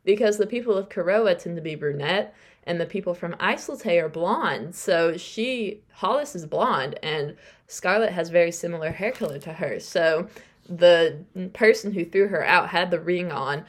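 A woman's voice: on the low side, expressive, normal speed. Chatty young woman recapping a book. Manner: chatty, acts out characters' lines while retelling. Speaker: podcast host.

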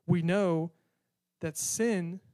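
A man's voice: sits high, drawn-out words, mellow, dry recording, clean studio sound. A man giving a casual, conversational sermon with a sarcastic, chatty manner. He often repeats words as he thinks. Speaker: preacher.

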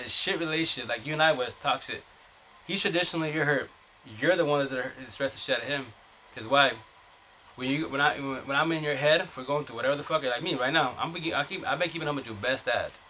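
A man's voice: medium pitch, pushed and bright, a little hiss or hum. A man hosting a live stream, ranting about his relationship in a blunt, combative, profane way. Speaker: TikTok live host. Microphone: phone mic.

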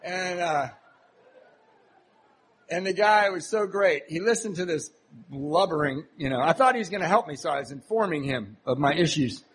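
A man's voice: a little high, lively intonation, brisk, fairly bright tone, husky, poor audio. Self-mocking man telling his recovery story. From Southern California. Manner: humorous, self-mocking storytelling with acted-out voices. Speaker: recovery meeting speaker. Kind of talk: personal recovery story told to a live audience. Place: meeting hall before an audience.

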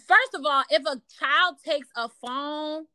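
A woman with a bright, fairly high voice, chatting and storytelling in an animated, emphatic way. She repeats phrases for effect and slips into mocking impressions. The sound is close and dry. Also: takes it slowly, no echo. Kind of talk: casual chat storytelling.

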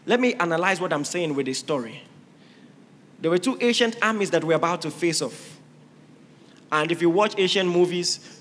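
A man preaching a sermon, emphatic and rising to shouted exhortations. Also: a little high, slight background noise. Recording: reverberant hall with faint ambience.

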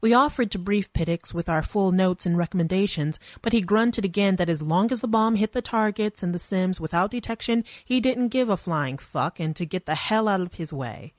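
A woman's voice: mid-range voice, moderate pace, few pauses, no room sound, clean studio sound. A woman narrating a first-person story in a wry, conversational manner.

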